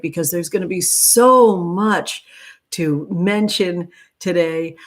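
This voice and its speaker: A woman hosts a casual livestream chat in a voice of middling pitch. She is playful and chatty, and she greets each viewer by name with warm, gushing affection. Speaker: livestream host.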